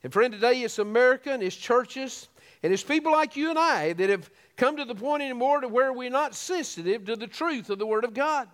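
High-voiced preaching man in a reverberant church. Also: fairly bright tone. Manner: earnest preaching with repeated restarts. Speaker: pastor. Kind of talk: sermon.

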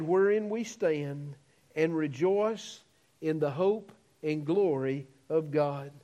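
A man preaching a sermon, swelling into emphatic peaks, stretching out key words and dropping to quiet, low phrases.

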